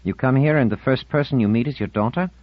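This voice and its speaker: A soft, incredulous male shipmate, voiced by the narrator, speaks slowly in a lifted, hushed tone. The recording is dry and slightly dull. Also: medium pitch, no room sound, voice pushed up, natural voice.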